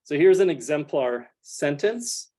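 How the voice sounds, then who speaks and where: A man delivers a science lecture in a lecture room, walking listeners through his data step by step. His voice sits a little high for a man, and his explanations are careful and full of small fillers. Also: expressive, a little slow, dark tone. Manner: explanatory, frequent hedging fillers like "kind of". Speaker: researcher giving a talk. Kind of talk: academic lecture with slides.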